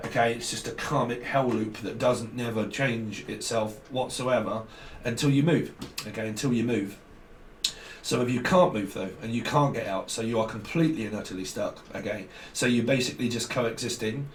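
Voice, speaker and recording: A man's voice: medium pitch, recorded from a distance. Blunt, swearing man reading tarot. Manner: blunt, swears freely, repeats phrases. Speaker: tarot reader. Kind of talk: casual tarot reading to camera. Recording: roomy, off-mic, faint background noise.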